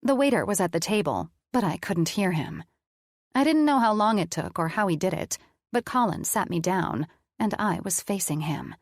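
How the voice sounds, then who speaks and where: A woman's voice: mid-range voice, expressive, moderate pace, no echo, clean studio sound. A woman narrating a first-person audiobook in a candid, conversational way.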